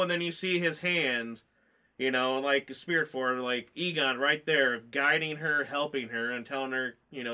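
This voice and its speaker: A man talks loosely and emotionally, piling on fillers as he goes. His voice is bright and sharp at an ordinary pitch, and he sounds choked up and close to tears. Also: fairly even intonation, moderate pace. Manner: rambling, emotional, lots of fillers. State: tearful, choked up. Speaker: movie reviewer. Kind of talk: casual chat.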